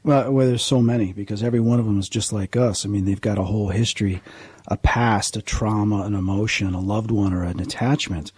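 Husky mellow guy rambling earnestly about ghosts on the radio, lots of restarts. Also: on the low side, steady tone, fairly quick, no room sound. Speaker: paranormal investigator, guest. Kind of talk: radio interview storytelling.

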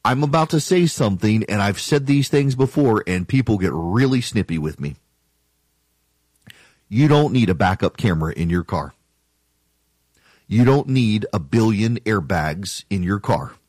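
A man's voice: lowish voice, expressive, unhurried, darkish tone, no echo. A man hosting a talk radio show, delivering an opinionated monologue in an emphatic, argumentative way and mocking his critics.

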